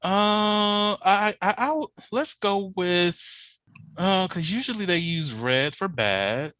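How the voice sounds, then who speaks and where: A man hosts a podcast in casual chat, and his voice is bright with a pitch that swings widely. He tells animated, profane stories and often laughs. The sound is dry and close. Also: slow pace, dry recording. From Georgia, USA. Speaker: podcast host.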